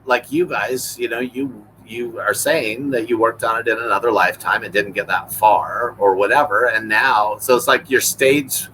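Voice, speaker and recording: A man's voice: on the low side, pushed and bright, slight background noise, low-quality recording. A man who is a guest on a live stream, talking reflectively and hunting for his words. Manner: searching for words, halting and reflective. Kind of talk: casual live-stream conversation. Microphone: video call.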